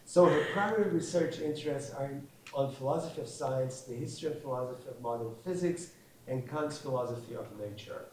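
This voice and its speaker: A man's voice: mid-range voice, darkish tone. Man reading an introduction in an echoey room. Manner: halting, self-correcting as he reads. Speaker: host introducing the speaker. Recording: echoey and distant, faint background noise.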